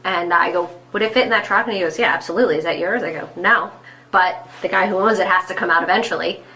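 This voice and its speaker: Woman, bright tone, lively storytelling, voices the people in her story. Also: fairly low pitch, quick pace, low-quality recording. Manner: animated anecdote, acting out quotes. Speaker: club co-owner's sister. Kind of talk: storytelling in an interview.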